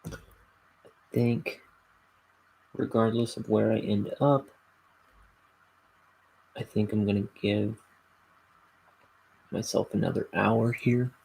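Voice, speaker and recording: A man's voice: lowish voice, steady tone, slow pace, gravelly, long pauses, a little mellow, slight background noise, poor audio. An American man chatting casually to his stream while inking, rambling and laid-back. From United States. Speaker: artist streaming while inking a graphic novel.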